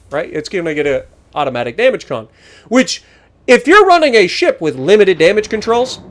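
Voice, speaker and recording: A man narrating his own gameplay with a joking, teasing manner. His voice sits a touch high and swings widely in pitch. He sounds lively and entertained throughout. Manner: animated, joking, teasing opponents. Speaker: gaming channel host. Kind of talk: gameplay commentary.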